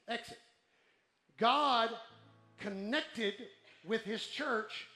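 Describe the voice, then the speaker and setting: A man preaching a sermon to a congregation, calling out for responses and building to shouts. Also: high voice, echoey room. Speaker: pastor. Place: church.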